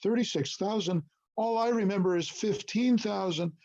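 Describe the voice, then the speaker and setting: A man voicing a tearful, pleading woman business owner in a high, breathless tone. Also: normal speed, a little mellow, muffled recording.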